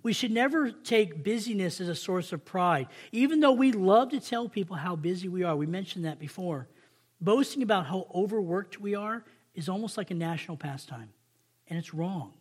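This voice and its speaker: A man giving an informal sermon to coworkers, talking conversationally, repeating phrases and checking in with a quick "right?". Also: high voice, animated, breathy edge. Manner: conversational, repeats and restarts phrases, stretches key words slowly; addresses listeners directly with "right?".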